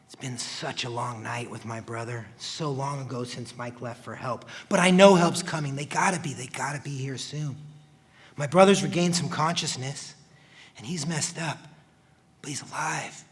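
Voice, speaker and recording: A man, a firefighter, telling a personal story in the present tense, earnest and confessional, often dropping to a hushed voice. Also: medium pitch, normal speed.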